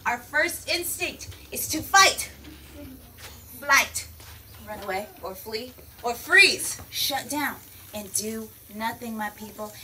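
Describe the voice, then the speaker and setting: A woman teaching children outdoors in a lively, playful way, calling the kids "my people" and "y'all.". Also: high voice, distant mic, a little hiss or hum, rough recording. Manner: energetic, playful, calls the crowd "my people" and "y'all". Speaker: peace educator teaching children.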